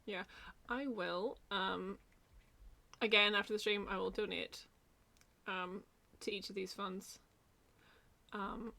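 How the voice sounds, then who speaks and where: A woman's voice: mid-range voice, steady tone, takes it slowly, creaky, pauses often, pushed and bright. A woman hosting a casual livestream, talking in a rambling way with many restarts. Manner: rambling, lots of fillers and restarts. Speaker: host.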